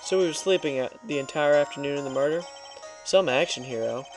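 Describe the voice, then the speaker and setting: A man's voice: fairly high pitch, quick pace, music in the background, close to an everyday voice. A man voicing an earnest young male defense lawyer asking questions in a video game read-through. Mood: questioning.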